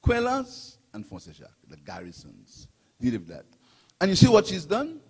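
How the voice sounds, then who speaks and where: A middle-aged man from Saint Lucia, accent clearly Saint Lucian, speaks passionately as guest speaker at a rally, repeating himself and swinging between points of emphasis. His gravelly, slightly rough voice sits high, swooping wildly in pitch at a moderate pace, in a large hall.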